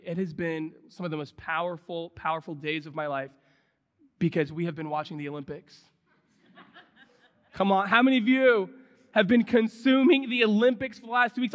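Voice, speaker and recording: Animated high-voiced preacher in reverberant sanctuary. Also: male voice. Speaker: pastor. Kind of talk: sermon. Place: church sanctuary. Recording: long hall reverb.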